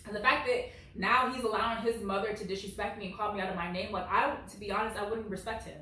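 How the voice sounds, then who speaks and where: A woman in her late twenties reading reddit stories at home with blunt, animated commentary, peppered with "like". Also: medium pitch, fast, slight background noise. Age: late 20s. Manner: blunt and animated, heavy use of "like". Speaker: reddit story reader. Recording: very echoey room, far from mic.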